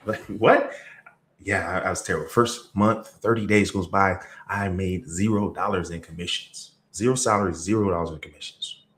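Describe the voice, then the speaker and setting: A man coaching on sales, telling stories in a motivational talk, energetic, with sudden jumps in pitch and loudness. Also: normal speed. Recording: roomy echo.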